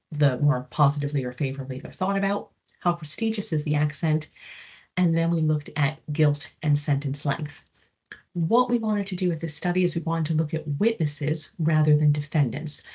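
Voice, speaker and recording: A woman with a low, husky voice delivers an academic presentation as a professor. She explains research findings in a measured, step-by-step way, with frequent filler words between points. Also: mellow. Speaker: psychology professor giving a research talk.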